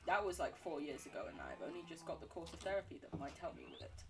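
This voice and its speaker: A woman's voice: sits low, wildly swooping pitch, quick pace, over music. A woman livestreaming a game, rambling and chatting with her viewers, laughing often and joking about herself. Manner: responds to chat between game talk. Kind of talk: casual gameplay chat with viewers.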